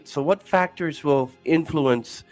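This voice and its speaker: A man's voice: fairly high pitch, slow pace, darkish tone, soft background music. Male podcast host asking questions. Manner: brief, plain questions. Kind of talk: interview questions.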